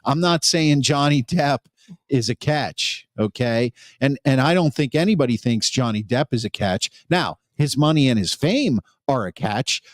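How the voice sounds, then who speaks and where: A man's voice: mid-range voice, normal speed, no echo, clean studio sound. A man with a Pittsburgh accent co-hosting a podcast, talking bluntly and profanely in a casual, opinionated chat. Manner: blunt, profane, animated ranting. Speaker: podcast co-host.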